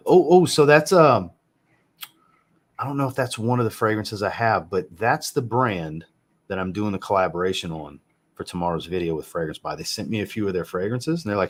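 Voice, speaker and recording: A man with a fairly low voice chats casually on a home livestream. He answers viewers in a blunt, joking way and swears freely. He sounds like a man in his thirties. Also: expressive, fairly quick, breathy edge. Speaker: fragrance reviewer hosting a live chat. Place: home room with a fragrance shelf.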